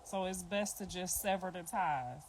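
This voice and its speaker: A woman's voice: lowish voice, unhurried, low-quality recording. A middle-aged woman chatting casually on a livestream, talking bluntly and repeating her points. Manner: blunt, repetitive, informal talk. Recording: clicking noise behind the voice.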